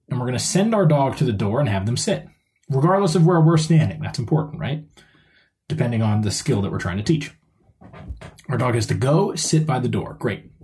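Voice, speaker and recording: A man's voice: medium pitch, warm tone. A man hosting his own podcast as a dog trainer, explaining things step by step in a conversational way.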